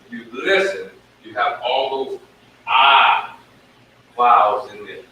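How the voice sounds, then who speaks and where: Slow-spoken man teaching in an echoey room. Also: medium pitch, lively intonation, sharp tone, slight background noise. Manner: slow, drawn-out sounding of syllables. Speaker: Hebrew teacher. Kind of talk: classroom lesson streamed live. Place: room with a whiteboard. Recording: echoey room, mic at a distance.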